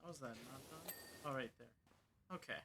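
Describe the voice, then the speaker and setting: A man's voice: mid-range voice, normal speed, gravelly, noisy background. A man streaming a cleaning game, rambling and joking to himself and his viewers as he plays. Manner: rambling, joking, talks to himself while playing. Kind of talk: casual gameplay commentary.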